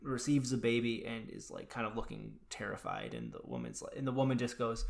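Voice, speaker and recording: A man's voice: medium pitch, fast talker, gravelly. A man co-hosting a podcast, chatting casually and enthusiastically, often restarting his sentences. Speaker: podcast co-host. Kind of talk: casual podcast chat about horror movies.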